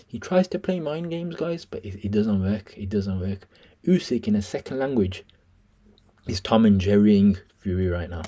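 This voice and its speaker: A man giving reaction commentary, excitable and breaking into impressions of the fighters' lines. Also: fairly low pitch, moderate pace.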